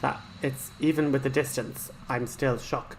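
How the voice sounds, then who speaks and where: A man narrating a game walkthrough, chatty and excitable, flaring up as he relives a frustrating boss fight. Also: medium pitch, measured pace, slight background noise, low-quality recording. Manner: chatty with frequent fillers and restarts. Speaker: gaming channel host.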